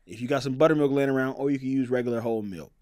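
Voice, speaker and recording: A man with a Southern American accent, co-hosting a podcast in casual chat, playful and animated as he walks through a recipe step by step. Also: mid-range voice, very fast, no room sound, studio quality. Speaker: podcast co-host.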